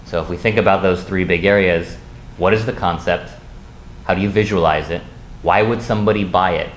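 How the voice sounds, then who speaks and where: A man, a business school instructor, calmly walking through the steps of a plan in a recorded lecture. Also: low voice, a little fast. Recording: echoey room, faint noise.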